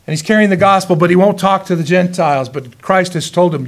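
A male pastor preaching a sermon in a folksy, joking way, telling stories lively and chuckling often. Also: high-pitched, fairly quick. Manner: lively storytelling.

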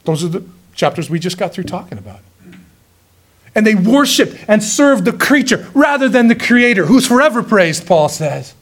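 A middle-aged man preaching a sermon, sarcastic and full of rhetorical questions, swinging from loud bursts to hushed asides. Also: sits high, big pitch swings, moderate pace.

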